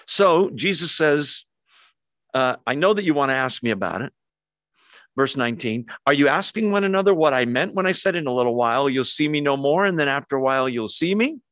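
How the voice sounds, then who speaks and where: A male pastor preaching a conversational sermon, acting out quoted voices with lively asides. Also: fairly high pitch, fairly quick, no echo.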